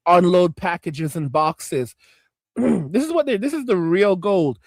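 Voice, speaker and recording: A man hosting a casual livestream, reading chat comments and reacting, cursing and repeating himself, with frequent throat clearing. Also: high-pitched, lively intonation, unhurried, dry recording, studio quality.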